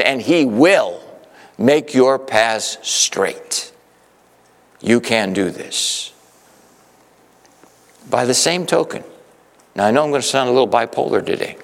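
A man preaching a sermon emphatically, swinging from urgent exhortation to gentle reassurance. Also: fairly high pitch, in a large hall. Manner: emphatic, shifting between urgent and soothing. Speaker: pastor.

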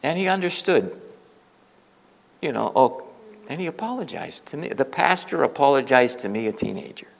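A middle-aged male preacher tells a story from the pulpit in an earnest, conversational way, often circling back to restart a thought. His voice has a gravelly edge and a mid-range pitch. The sound rings with a long reverb from a large church hall. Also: big pitch swings, moderate pace. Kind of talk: storytelling sermon.

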